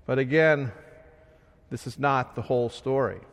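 A man preaching a sermon in a slow, measured way, his voice swelling loud and then sinking soft. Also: medium pitch. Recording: long hall reverb.

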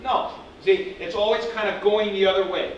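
A man teaching a class, lively, acting out example sentences as he explains. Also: high voice, normal speed, dull audio, a little hiss or hum. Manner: animated, acts out example sentences. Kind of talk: classroom lecture. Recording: echoey room from far off.

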